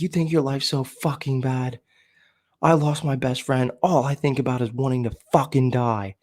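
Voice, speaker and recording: A man candidly telling a painful personal story, raw and profane, halting and restarting his sentences. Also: fairly low pitch, darkish tone. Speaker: storyteller sharing recovery story.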